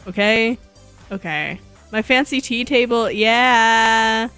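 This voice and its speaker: A sleepy woman streamer rambling through a casual live session, joking at her own expense as she works. She talks at an unhurried, drawn-out pace in a mid-range voice, with soft music playing faintly behind her. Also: medium pitch. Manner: playful, rambling, self-joking. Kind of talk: casual live-stream chat while 3D modeling.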